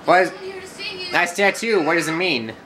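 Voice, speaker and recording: Over gameplay footage, a man jokes and riffs in casual let's-play commentary, now and then slipping into mock broken English. His voice sits high and sounds animated at a normal speed, with a crowd audible behind him.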